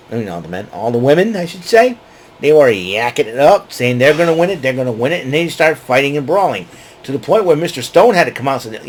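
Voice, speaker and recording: A man's voice: medium pitch, slight background noise, rough recording. A man giving a casual, rambling recap as host, with many fillers and restarts. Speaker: wrestling show recap host.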